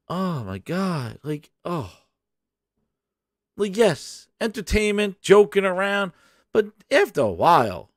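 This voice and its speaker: A man hosting a casual live stream, hyped and shouting out viewers, his voice hoarse after a long day. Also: high voice, no echo, studio quality. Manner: hyped, shouts out chat names.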